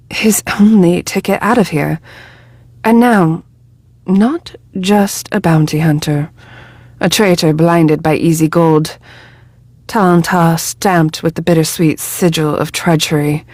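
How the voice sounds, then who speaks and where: Slow, low-voiced woman narrating. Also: a little mellow, no echo. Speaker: reader. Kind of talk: story narration.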